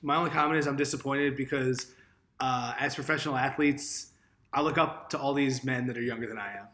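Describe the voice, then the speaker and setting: A man co-hosting a podcast in casual chat, with deadpan jokes. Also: mid-range voice, fairly quick, roomy sound. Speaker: podcast co-host.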